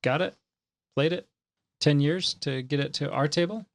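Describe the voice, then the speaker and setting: Jokey podcast co-host, dry sound. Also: male voice, fairly high pitch, normal speed, creaky, no room sound. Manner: jokey, playful banter. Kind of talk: casual chat about board games.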